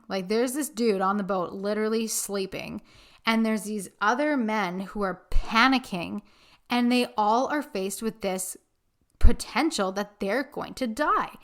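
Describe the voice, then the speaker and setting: A young woman hosting a spiritual podcast, telling a story in an earnest, animated way with casual fillers. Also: fairly high pitch, a little slow. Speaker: podcast host.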